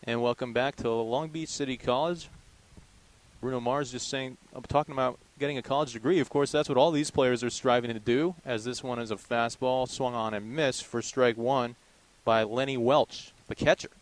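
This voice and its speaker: A young man calling a college baseball game pitch by pitch in steady, descriptive play-by-play. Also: normal speed, poor audio. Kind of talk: live baseball play-by-play commentary.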